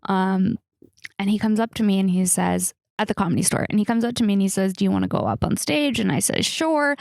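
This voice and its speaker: Young Californian woman, podcast host, rambling storyteller, vocal fry. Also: medium pitch, darkish tone, dry recording, studio quality. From Los Angeles area, United States. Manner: chatty storytelling with many fillers and restarts. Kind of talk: casual solo Q&A podcast.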